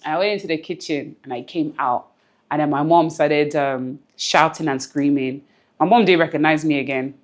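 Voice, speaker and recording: A woman guest in an interview, talking earnestly and reflectively about something personal, often repeating phrases for emphasis. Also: low voice. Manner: close to tears at times.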